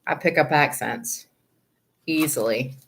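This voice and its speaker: A woman's voice: deep voice, a little slow, noisy background. A woman tarot reader on a live stream, chatting casually with viewers, greeting them by name and laughing often.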